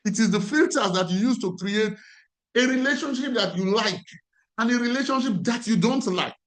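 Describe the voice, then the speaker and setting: A man's voice: sits high, normal speed. A man with a Nigerian accent, a life coach teaching a class in an emphatic way and repeating his key phrases.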